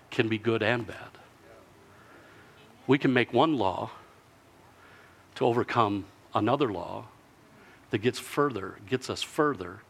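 A man preaching a sermon, telling a story with lively delivery and answered by the congregation. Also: fairly low pitch, slightly rough. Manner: lively storytelling, acting out villagers in character.

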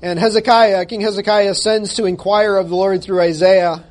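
High-voiced male pastor preaching. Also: fairly even intonation, normal speed. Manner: emphatic, conversational, jokes at himself. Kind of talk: sermon with scripture reading.

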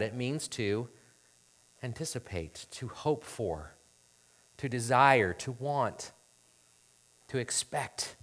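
A male pastor giving a sermon in an earnest, chatty manner. He talks at a mid pitch and often turns to the audience with asides. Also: a bit bright.

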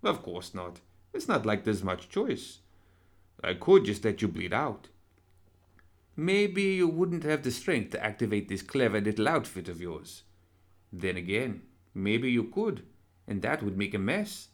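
A man voicing a genteel, pompous male professor who teaches undeath and operates as a surgeon, speaking in a courtly, excitable manner. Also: on the low side, measured pace. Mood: silkily courteous. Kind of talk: audiobook character reading.

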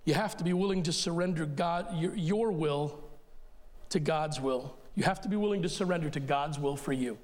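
A man's voice: a little high, moderate pace, darkish tone. A male pastor preaching a sermon in an emphatic, conversational way, speaking straight to his listeners.

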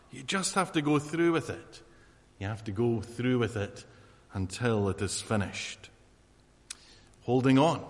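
A man preaching a sermon in a relaxed, conversational way, full of fillers and asides to his congregation. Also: mid-range voice. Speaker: pastor. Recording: long hall reverb.

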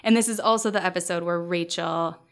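A woman's voice: on the low side, fairly even intonation, a little fast. A woman podcast host recapping a sitcom episode in casual, chatty talk full of fillers. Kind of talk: casual chat.

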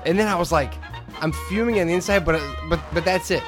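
A man's voice: high voice, fast, over music. A man in his thirties, a podcast co-host telling a story in casual chat, acting out what people said. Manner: animated, acts out quoted lines in a raised voice.

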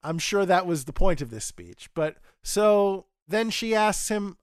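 A man's voice: high-pitched, very animated, measured pace, hardly any pauses, clean tone, no room sound, studio quality. A man hosting a podcast, recapping an episode casually and chattily, quoting characters as he goes and often restarting his phrases. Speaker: podcast host.

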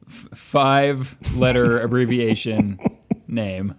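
A man's voice: mid-range voice, slow. A man hosting a casual podcast chat and asking the questions, with a wry, teasing way of talking. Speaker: podcast host.

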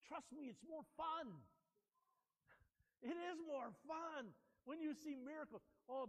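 High-voiced preacher in an echoing hall. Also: male voice. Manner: energetic, storytelling, calls for "amen". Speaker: pastor. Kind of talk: sermon. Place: church sanctuary. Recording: long reverb of a large hall.

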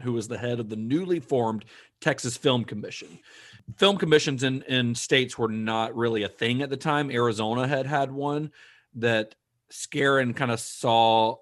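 A man co-hosting a podcast, retelling researched history in a casual, steady way with dry asides. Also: medium pitch, normal speed. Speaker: podcast co-host.

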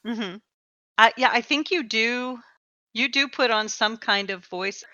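A woman's voice: a little high, measured pace, pushed and bright, no echo. Chatty woman podcast host. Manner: chatty, repeats words and laughs often. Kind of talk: casual chat. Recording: dull, slightly lo-fi dry sound.

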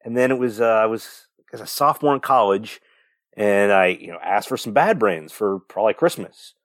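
A man's voice: on the low side, expressive, brisk, no echo, clean studio sound. A young man, a podcast co-host, rambling through a casual story with lots of fillers and the odd swear. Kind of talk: casual chat.

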